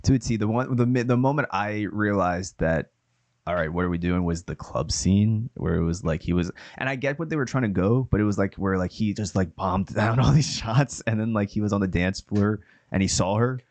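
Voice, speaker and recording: A man co-hosting a film review podcast, speaking in a casual, halting way as he gathers his thoughts. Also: fairly low pitch, a little mellow, no echo. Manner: halting, lots of "like" fillers and restarts. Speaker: podcast co-host.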